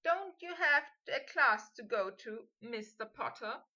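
A woman voicing a brisk, stern professor. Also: a little high, expressive, pushed and bright, dull audio. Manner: brisk and clipped. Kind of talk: audiobook fan fiction reading.

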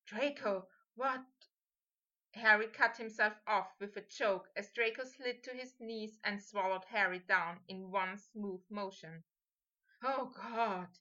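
A woman narrating a fan fiction audiobook with steady, intimate storytelling, on a slightly muffled recording. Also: medium pitch, a little slow, hardly any pauses. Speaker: audiobook reader.

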